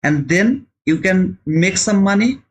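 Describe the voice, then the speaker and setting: A man's voice: high-pitched, expressive, a little slow, a little hiss or hum, rough recording. A man hosting a live trading stream, chatting casually and answering viewers' comments, with frequent repeated words. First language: not English. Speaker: trading livestream host.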